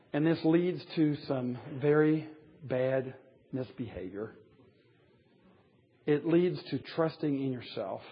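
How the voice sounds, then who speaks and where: A man's voice: medium pitch, husky. A man preaching a sermon to a men's Bible study, emphatic, with wry asides and chuckles at his own points. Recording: dull lo-fi recording.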